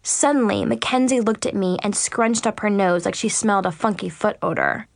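A woman's voice: mid-range voice, moderate pace, vocal fry, few pauses, no echo, clean studio sound. A woman narrating a teen diary-style audiobook in a sassy, dramatic first-person voice.

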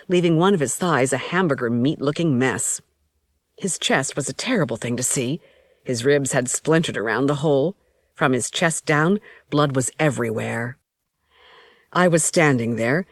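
A woman narrating an audiobook in the first person with an even storytelling delivery, on a close mic. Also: low voice, dry recording.

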